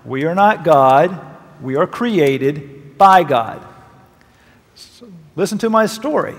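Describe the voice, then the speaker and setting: A male pastor preaching a sermon, reading scripture verses aloud with emphatic, lively delivery. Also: a little high, slow pace, long pauses. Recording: long reverb of a large hall.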